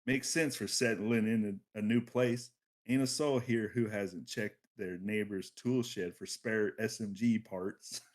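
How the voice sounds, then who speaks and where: A man putting on a gravelly, drawling voice for a sly roguish drifter. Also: fairly low pitch, steady tone, measured pace.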